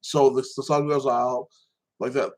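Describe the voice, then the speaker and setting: Man, podcast host, loose rambling show recap, keeps restarting sentences, mid pitch. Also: little pitch movement, measured pace, a little mellow, rough recording.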